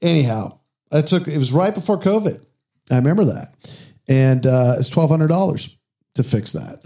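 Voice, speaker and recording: Male host, loose and profane storyteller, warm low timbre. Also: animated, normal speed. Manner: profane storyteller who acts out quoted exchanges. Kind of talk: casual car chat.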